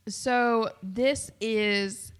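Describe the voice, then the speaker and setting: A young woman co-hosting a podcast in casual chat, excitable and giggly. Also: fairly high pitch, very slow, clean tone. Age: young adult. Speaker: podcast co-host.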